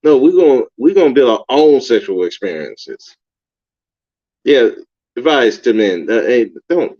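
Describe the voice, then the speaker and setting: A man hosts his own podcast and reacts to a clip in blunt, profane, self-mocking commentary. He talks slowly, and his pitch swings widely when he gets worked up. The sound is slightly dull and lo-fi. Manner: blunt, profane, animated, laughs at himself. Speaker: podcast host reviewing an interview.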